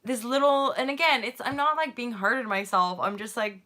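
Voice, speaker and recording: A woman's voice: a little high, moderate pace, hardly any pauses, sharp tone. A woman chatting casually on a spiritual livestream, rambling, swearing freely and mocking herself. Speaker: spiritual vlogger.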